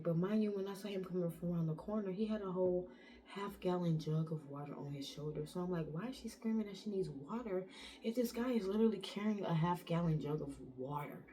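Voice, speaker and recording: A woman's voice: lowish voice, slight background noise. A woman from the United States telling a personal story in a casual vlog, acting out what people said and leaning on "like" as filler. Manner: animated retelling, acts out quotes, frequent "like" fillers.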